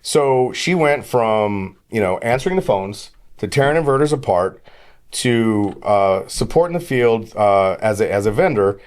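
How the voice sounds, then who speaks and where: Lively, rambling middle-aged man. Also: on the low side, measured pace, clear, resonant tone. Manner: rambling, animated storyteller who acts out quoted dialogue. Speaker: podcast guest. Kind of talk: casual storytelling.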